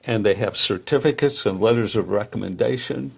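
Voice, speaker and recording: Gravelly older man, halting. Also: fairly low pitch. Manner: hesitant, many filler pauses. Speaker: program founder. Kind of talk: conversational interview.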